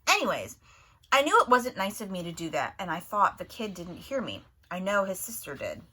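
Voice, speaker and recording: A woman teacher reading a novel aloud to her class with expressive storytelling, then asking questions about it. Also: mid-range voice, moderate pace, slightly rough.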